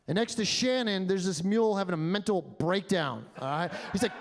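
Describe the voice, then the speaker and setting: A male stand-up comedian on a club stage, telling stories in an animated way with voiced act-outs. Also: high-pitched, normal speed, few pauses, a little hiss or hum.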